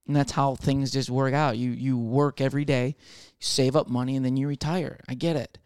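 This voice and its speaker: A man's voice: medium pitch, steady tone, a little fast, a little mellow, clear, resonant tone, no room sound, clean studio sound. A man in his twenties telling a rambling, profane comic monologue with lots of restarts. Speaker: comedian.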